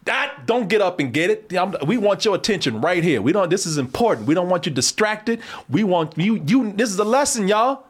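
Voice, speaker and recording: Male host, comedic reaction commentary, joking, frequent laughter, high voice, animated. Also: brisk, hardly any pauses, breathy edge. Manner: joking, laughs often, mock-serious asides.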